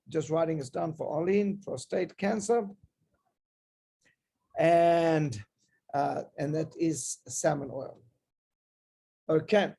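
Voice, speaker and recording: A man's voice: high-pitched, warm tone, husky. A man giving an emphatic, persuasive talk on health supplements to an audience, with frequent restarts.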